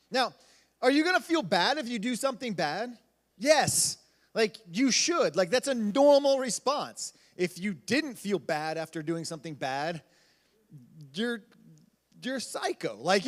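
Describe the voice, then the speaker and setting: A man's voice: high voice, a bit bright. A youth pastor in his thirties, giving a casual, conversational sermon and acting out quotes in voices. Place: church hall. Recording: long hall reverb.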